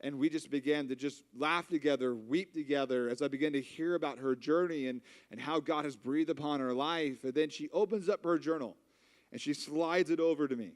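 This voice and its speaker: Guy in his 30s preaching, joking story about himself, kinda high voice, big echoey church hall. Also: brisk. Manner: humorous, self-mocking storyteller. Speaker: conference speaker. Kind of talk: storytelling sermon. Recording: long reverb of a large hall.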